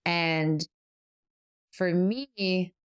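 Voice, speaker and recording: A woman's voice: lowish voice, very slow, smooth, no echo, clean studio sound. A middle-aged woman co-hosting a casual podcast, explaining her thoughts earnestly and at length, often correcting herself mid-sentence. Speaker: podcast co-host.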